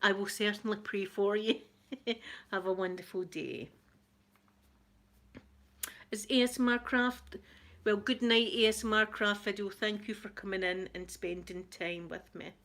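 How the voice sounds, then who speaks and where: A middle-aged Scottish woman hosts an ASMR livestream, chatting casually with viewers, reading out their comments and laughing often. Her medium-pitched, slightly bright voice stays steady and unhurried, with frequent pauses.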